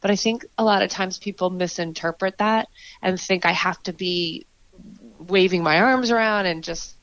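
A woman's voice: lowish voice, moderate pace, fairly bright tone, no room sound, muffled recording. A woman improv performer as a podcast guest, talking in an earnest, reflective way with frequent fillers and restarts. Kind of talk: conversational interview.

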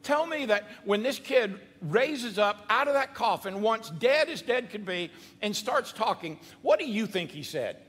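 Guy preaching, kinda high voice, chatty asides to the crowd, long hall echo. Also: unhurried, few pauses, breathy edge. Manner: animated, conversational preaching with asides to the congregation. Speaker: pastor. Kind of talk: sermon.

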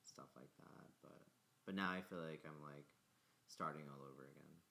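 A man's voice: a bass voice, normal speed, gravelly, sharp tone. A young man, a podcast guest, chatting casually and rambling with lots of filler words. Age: young adult. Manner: rambling, heavy use of filler "like". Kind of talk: casual chat.

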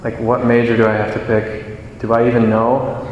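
A man's voice: mid-range voice, little pitch movement, moderate pace, highs cut off, slight background noise. A young man giving a homily in a chatty, self-deprecating storytelling manner. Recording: echoey church with long reverb.

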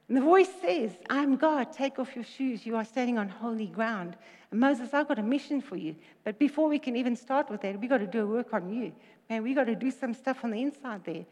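High-voiced woman preaching in a hall. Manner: lively storytelling preaching with jokes. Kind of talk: sermon. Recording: reverberant hall.

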